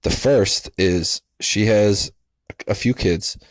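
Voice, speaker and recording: A man's voice: fairly low pitch, slow, dry recording. A man in his thirties, a podcast host, telling a true story in a casual, rambling way with many fillers and self-corrections.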